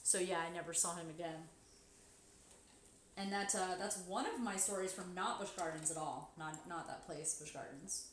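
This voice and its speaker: A woman telling a story in casual chat while sewing on a live stream, swearing freely and bursting into loud, high exclamations. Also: normal speed, background noise. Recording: echoey room.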